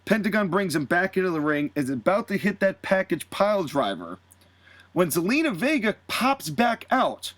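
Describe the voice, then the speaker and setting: A man co-hosting a podcast, recounting a booked wrestling show in casual, animated storytelling and dropping into quick voices for the people he quotes. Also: sits high. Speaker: podcast co-host.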